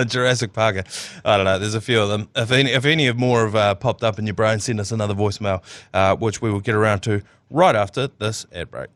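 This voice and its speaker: A man's voice: fairly low pitch, a little fast, few pauses, fairly bright tone, dry recording. A man with a New Zealand accent hosting a sports podcast in a rambling, joking way and laughing often. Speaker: podcast host. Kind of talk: casual sports chat.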